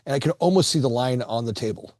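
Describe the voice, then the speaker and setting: A fast-talking, medium-pitched middle-aged man from Florida, guesting as a construction company founder, tells a personal story loosely and conversationally. Animated and emotional in his rises and falls, he restarts phrases and often repeats words at the start of sentences. The sound is dry and close, without echo.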